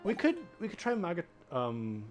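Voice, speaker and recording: A woman's voice: on the low side, big pitch swings, normal speed, music in the background. A woman chatting casually and breathlessly with friends while playing a game. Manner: giggly, breathless. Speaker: player voicing characters. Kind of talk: casual banter among friends.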